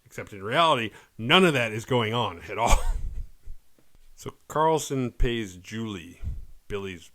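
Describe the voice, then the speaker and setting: A man casually recapping a horror movie on his podcast, acting out characters' lines as he goes. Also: lowish voice. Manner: animated retelling, quick quoted voices for characters.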